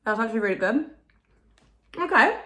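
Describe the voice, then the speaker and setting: A woman's voice: on the high side, expressive, moderate pace, fairly bright tone. A young woman in her twenties casually chatting to camera in a food vlog, self-deprecating and full of fillers. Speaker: food vlogger. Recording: echoey home room.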